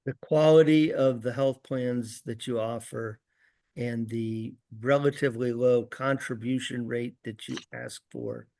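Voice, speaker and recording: A man advising a committee in a meeting, measured and explanatory. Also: mid-range voice, fairly even intonation, warm tone, dry recording. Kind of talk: meeting discussion.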